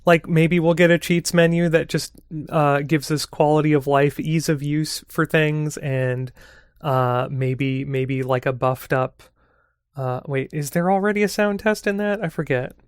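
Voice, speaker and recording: A man who is a guest on a podcast, chatting in a relaxed, thoughtful way and laughing easily. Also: a little high, measured pace, clean tone, dry recording, clean studio sound. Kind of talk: casual chat.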